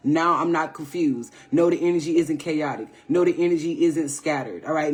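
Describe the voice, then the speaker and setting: A woman from the United States giving a live tarot reading on a livestream, playful and animated, swearing freely and checking in with "all right?" after her points. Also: sits low, moderate pace, few pauses. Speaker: tarot reader hosting a livestream.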